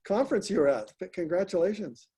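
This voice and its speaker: A man's voice: high voice, sing-song, fairly quick, warm tone, slightly rough. A man hosting a group video call, asking questions and giving brief, friendly affirmations. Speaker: host.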